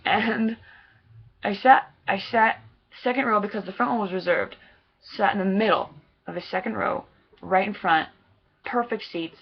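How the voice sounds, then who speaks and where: Young female fan vlogger, casual and gushing, rambles excitedly; voice has a gravelly fry, recorded on a dull lo-fi camera. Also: mid-range voice, moderate pace, pauses often. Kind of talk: casual chat recounting a concert meet-up.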